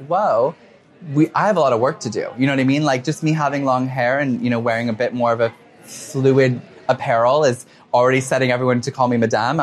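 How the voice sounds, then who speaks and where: A man in his twenties answering interview questions, talking quickly and emotionally with many fillers and quoted asides. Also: medium pitch. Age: 20s. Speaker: fashion designer, interview guest.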